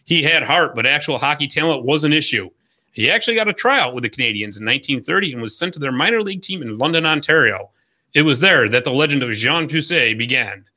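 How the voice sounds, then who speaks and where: A male podcast host telling a hockey history story with upbeat, jokey energy. His voice sits a bit high and bright, rising and falling a lot as he reads. It sounds like a casual scripted segment among friends. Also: expressive, fast.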